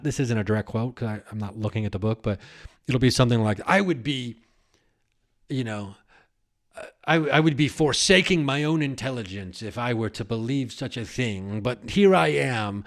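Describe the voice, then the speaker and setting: A male comedian hosts a solo podcast in a loose, casual monologue. He talks excitably and rambles from riff to riff, often restarting his sentences. His voice sits at an ordinary middle pitch.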